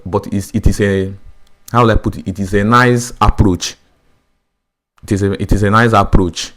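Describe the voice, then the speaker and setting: Nigerian man, fairly low voice, emphatic, repeats himself, restarts lines, pidgin phrases. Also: darkish tone. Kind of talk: impassioned political opinion.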